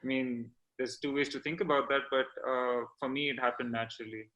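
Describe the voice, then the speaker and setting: A young man from India, a guest on a podcast, speaking in casual chat. He talks in a reflective, measured way, with hesitant pauses. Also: medium pitch, fairly even intonation, sharp tone, dull audio. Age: young adult.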